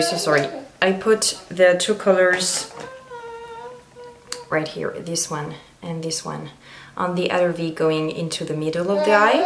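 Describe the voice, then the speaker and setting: A woman chatting casually through a makeup tutorial, meandering and filling pauses with ums. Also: on the low side, very noisy. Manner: chatty, meandering, frequent fillers. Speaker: beauty vlogger. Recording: roomy echo.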